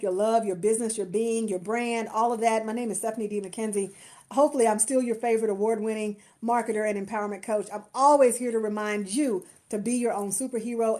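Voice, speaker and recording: A woman's voice: a little high, warm tone. A woman marketer and empowerment coach chatting to viewers on a phone live stream, effusive and grateful. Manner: effusive, grateful, lots of restarts and laughter. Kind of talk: casual live-stream chat.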